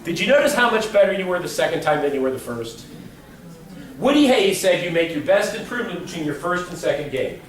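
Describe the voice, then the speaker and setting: A man's voice: sits high, sing-song, a little fast, a little hiss or hum. A middle-aged man giving a humorous motivational keynote to a live audience, telling playful stories and acting out quotes. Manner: joking, playful storytelling with acted-out quotes. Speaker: motivational speaker. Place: large hall before a live audience. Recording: echoey hall from far off.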